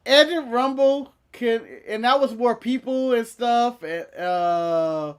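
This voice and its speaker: A man co-hosting a casual wrestling chat show, telling a long story in an animated, profane way and laughing through it. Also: very high-pitched, slow, smooth. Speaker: podcast co-host.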